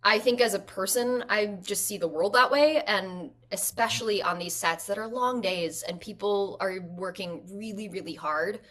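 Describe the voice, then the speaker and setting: A woman, an actress and guest, telling stories at home in a lively way and using "like" often. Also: medium pitch, moderate pace, few pauses. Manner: animated storyteller, frequent "like" fillers. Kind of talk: conversational interview.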